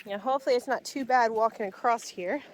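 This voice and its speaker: A young woman vlogs from her farm, chatting casually in a fairly high voice at a quick pace while working in a pasture and calling her cattle in a sing-song voice. The audio has a little hiss or hum.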